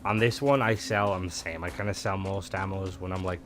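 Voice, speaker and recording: Male game streamer, low voice, rambling casual commentary, faint music behind. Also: steady tone, brisk. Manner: rambling, filler-heavy, upbeat.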